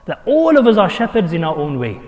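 A man's voice: high-pitched, wildly swooping pitch, fairly quick, darkish tone. Man preaching with rhetorical questions, echoing hall. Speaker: imam. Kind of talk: sermon.

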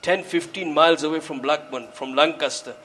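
A little high and fairly quick, a man's voice preaches through a faint hiss or hum. He tells a story and earnestly exhorts his listeners, his English dotted with Urdu and Arabic religious words, growing louder as he urges them on.

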